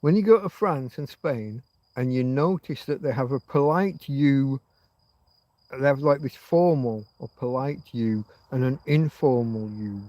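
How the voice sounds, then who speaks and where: Slow, musing Yorkshire man. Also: mid-range voice, mellow, no room sound. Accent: Yorkshire English. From Yorkshire, England. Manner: musing, meandering, drifts between thoughts. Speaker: livestream host. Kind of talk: rambling casual livestream chat.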